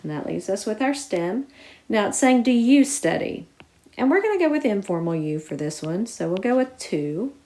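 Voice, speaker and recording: A woman teaching a recorded lesson, explaining each step clearly and putting stress on key words. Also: medium pitch, very animated, moderate pace, dark tone. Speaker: Spanish teacher.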